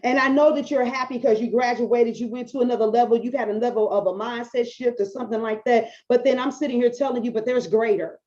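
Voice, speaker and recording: A woman's voice: a little high, fast talker, hardly any pauses, muffled recording. A middle-aged woman coach talking bluntly and casually to her followers, swearing freely and acting out little stories as she goes. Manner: blunt, profane, animated storytelling. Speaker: business coach. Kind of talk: casual talking-head video.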